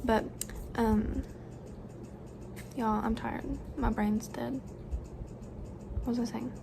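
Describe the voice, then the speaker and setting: A bubbly young woman chats to a camera propped on the floor. She talks loosely and fills her sentences with "like" and "um". A fan hums clearly behind her in a noisy home room. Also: fairly high pitch, little pitch movement, slow. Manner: bubbly, chatty, lots of fillers. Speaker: book vlogger. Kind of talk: casual chat to camera.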